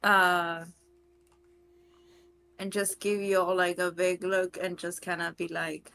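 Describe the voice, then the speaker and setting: A woman's voice: on the low side, level tone, slow pace, creaky, bright, forceful tone. A woman playing a tabletop game, chatty and roundabout as she explains her plans. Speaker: player. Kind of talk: casual chat at a game table.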